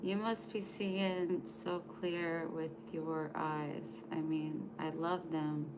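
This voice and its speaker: A woman's voice: low-pitched, level tone, slow pace, noisy background. A woman chatting casually on a live stream at home, talking to viewers and cooing to her dog in baby talk. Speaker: vlogger.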